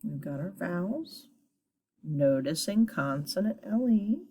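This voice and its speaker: A woman's voice: lowish voice, animated, slow pace, warm tone, husky. A woman teacher giving a phonics lesson to children, patiently sounding out syllables and encouraging her students.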